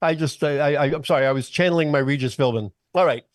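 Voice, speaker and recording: High voiced guy cracking up on a podcast, dry close mic. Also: quick pace, dry recording. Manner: laughs often, animated asides. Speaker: podcast co-host. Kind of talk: casual comedic chat.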